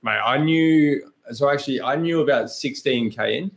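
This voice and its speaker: A man's voice: mid-range voice, normal speed. An Australian man in his thirties, a guest on a podcast, telling stories candidly, swearing freely and laughing often. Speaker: guest, pro cyclist. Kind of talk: casual podcast chat.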